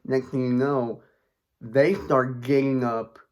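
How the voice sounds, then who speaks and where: A man recounting a story in a relaxed, chatty way, taking his time over each phrase. His voice sits at an ordinary middle pitch, and he wanders into fillers and little asides as he goes. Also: slow pace. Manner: rambling, with many fillers and asides. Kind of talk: casual spoken storytelling.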